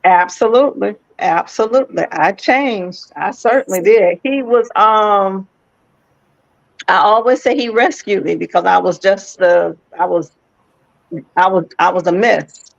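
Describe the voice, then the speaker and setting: A woman's voice: medium pitch, measured pace, vocal fry, dry recording, highs cut off. A woman telling a playful, self-mocking story in casual chat, laughing often.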